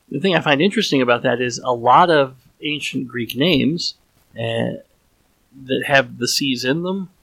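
A man's voice: medium pitch, vocal fry, fairly bright tone, slightly rough, rough recording. A man hosting a solo podcast, thinking aloud in a casual, rambling way with frequent restarts and trailing sentences.

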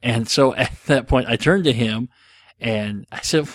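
A man talks casually in a rambling, self-mocking way, dropping frequent fillers as he answers listener questions. His voice sits at an ordinary middle pitch. The sound is dry and close, with no room around it. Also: measured pace, dry recording. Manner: rambling, self-deprecating, jokey, with many fillers. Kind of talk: casual solo talk.

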